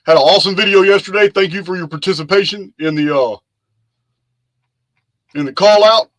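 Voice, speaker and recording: A man's voice: sits high, fairly quick, a bit bright, no room sound. A man hosting a casual live chat, loose and rambling, often repeating himself as he talks. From lives in Texas. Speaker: live stream host.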